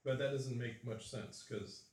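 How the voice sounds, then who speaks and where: A man narrating as game master in a tabletop game, describing scenes in a relaxed, easygoing way. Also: mid-range voice, a little slow, recorded from a distance. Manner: relaxed, with fillers and restarts while describing. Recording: roomy echo.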